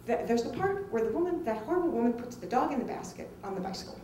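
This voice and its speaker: A middle-aged woman tells a personal story to an audience in a lively, conversational way and acts out other people's lines. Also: on the high side, fast, a little hiss or hum. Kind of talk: personal anecdote told to an audience. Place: film festival venue. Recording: roomy, distant mic with faint ambience.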